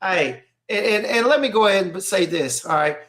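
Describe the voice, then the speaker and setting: A man's voice: high voice, lively intonation, normal speed, a bit bright. A man co-hosting a casual podcast chat, loose and rambling, often asking "you know what I'm saying". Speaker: co-host.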